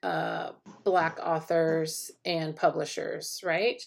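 Low gravelly-voiced woman co-hosting a podcast. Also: level tone, slow pace. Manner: thoughtful, hesitant, with many restarts. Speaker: podcast co-host. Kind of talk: casual discussion.

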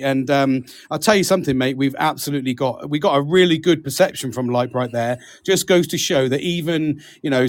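A British man, voice sitting a touch high, chats on a live podcast in a loose, friendly way and keeps calling his co-host mate. The sound is dry and close, with no room around it. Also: no room sound. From Britain. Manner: chatty, says mate a lot, laughs often. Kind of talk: casual podcast chat.

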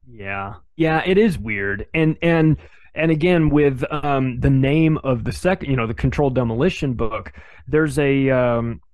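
A man telling a story on a podcast with lively energy, slipping into quick impressions of the people he quotes. His voice sits in an ordinary middle pitch and is recorded dry and close, with almost no room sound around it. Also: dry recording. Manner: animated, acts out other people's dialogue. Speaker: podcast guest. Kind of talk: casual conversational storytelling.

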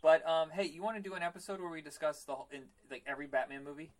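Male podcast co-host, relaxed and hesitant, slightly higher pitch. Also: very fast, poor audio. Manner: relaxed, laughs easily, hesitant with fillers. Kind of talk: casual chat.

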